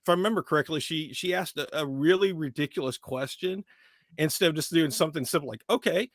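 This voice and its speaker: A man, a voice actor guest, chatting in an animated, playful way during an interview. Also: fairly high pitch, fast, dry recording, studio quality. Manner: animated, laughing, playful storyteller. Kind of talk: casual interview chat.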